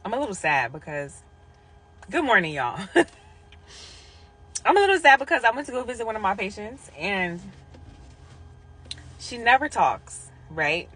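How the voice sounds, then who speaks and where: Woman, casual storyteller vlog, bright voice, animated quote voices, drops to whispers. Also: moderate pace, pauses often, breathy edge. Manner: animated, acts out quotes with big pitch jumps and whispers. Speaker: hospice nurse.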